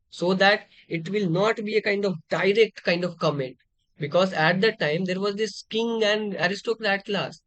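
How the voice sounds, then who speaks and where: A man's voice: high-pitched, no echo. A man teaching a literature lecture, explaining terms step by step with frequent fillers and restarts. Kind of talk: exam-prep lecture.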